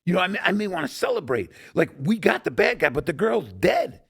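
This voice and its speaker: A man's voice: high voice, very animated, a little fast, gravelly, a bit bright, slightly rough. A middle-aged man from Chicago hosting a podcast, telling stories casually and acting out quoted lines. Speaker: podcast host and technical advisor. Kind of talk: casual interview storytelling.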